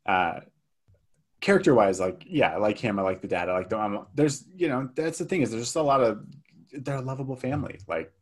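Man, mid-pitched, hesitant and rambling co-host of a casual movie podcast. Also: a little fast. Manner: rambling, hesitant, many fillers and restarts. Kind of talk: casual film review chat.

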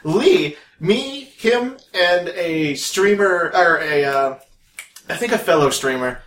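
Profane, animated man with an echo. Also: fairly high pitch, slow. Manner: profane, laughs often, animated storytelling. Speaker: podcast co-host. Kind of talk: casual chat. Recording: echoey room.

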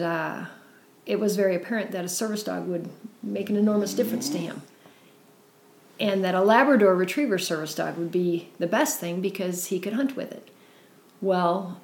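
A woman's voice: lowish voice, roomy sound, a little hiss or hum. Earnest middle-aged woman telling a story. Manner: earnest, warm storytelling with frequent fillers. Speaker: guest, founder of a service dog foundation. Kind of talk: conversational interview storytelling.

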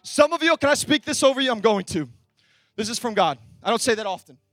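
A young man delivers a lively sermon in a very high voice. The sound is dry and close, with no room around it. He tells stories and acts out the voices in them. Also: fast talker, no room sound, faint music behind. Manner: energetic, storytelling, acts out dialogue. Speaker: pastor.

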